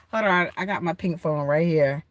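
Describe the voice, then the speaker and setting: A woman with a low voice hosts a casual livestream from a rented room in a shared house, speaking to her viewers with heartfelt emphasis. The recording has no room sound.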